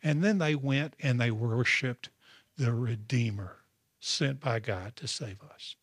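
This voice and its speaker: Man, pastor preaching a sermon, husky tone, dry close sound. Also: mid-range voice, slow, no echo. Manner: preaching with call-and-response asides.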